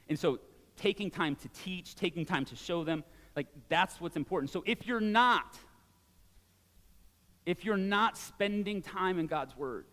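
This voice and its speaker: A man in his forties preaching a sermon in a church, conversational and animated, with casual asides. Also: a little high, in a large hall. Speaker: pastor. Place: church sanctuary.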